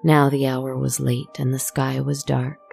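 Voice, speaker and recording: A storyteller narrating a slow, meditative tale in a soft, reflective manner, with asides to the listener. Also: mid-range voice, little pitch movement, creaky, soft background music.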